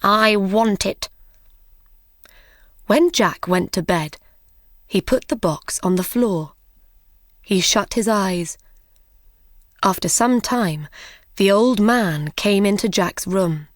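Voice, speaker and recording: A woman narrating a simple fairy tale for English learners, with careful, clearly phrased reading. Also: mid-range voice, dry recording, clean studio sound.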